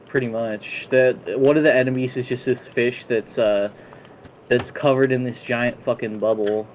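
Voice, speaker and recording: A man's voice: medium pitch, steady tone, normal speed, a little hiss or hum. A man chatting casually with friends on a voice call, laid-back and swearing now and then. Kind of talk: casual voice chat.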